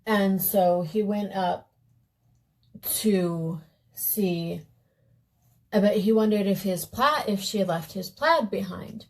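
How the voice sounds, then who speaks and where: Brief: young female vlogger, unhurried casual storytelling over makeup, soft-spoken and meandering. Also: medium pitch, low-quality recording. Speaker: beauty vlogger.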